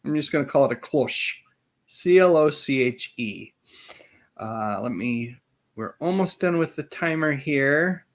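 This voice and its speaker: A man's voice: medium pitch, animated. Chatty man hosting a live trivia quiz. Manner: chatty, reads quiz choices slowly. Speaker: host.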